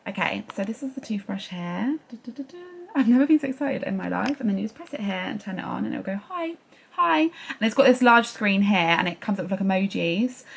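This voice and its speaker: A young British woman reviewing a product at home in a chatty, excitable way, with lots of fillers. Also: medium pitch, gravelly. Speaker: vlogger. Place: home bathroom.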